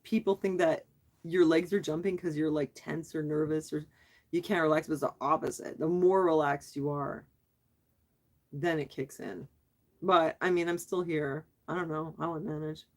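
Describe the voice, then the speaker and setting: A middle-aged woman hosts a relaxed livestream, reading viewer comments and answering them in an easy, chatty way. Her voice sits a little low for a woman, and she often fires questions back at her viewers and breaks into laughter. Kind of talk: casual live chat.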